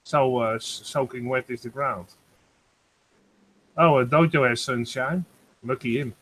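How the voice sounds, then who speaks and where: A man on a group video call, talking about the weather at his home, hesitant and full of pauses. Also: mid-range voice, fairly bright tone, breathy edge. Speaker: guest giving a weather report. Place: home in Germany.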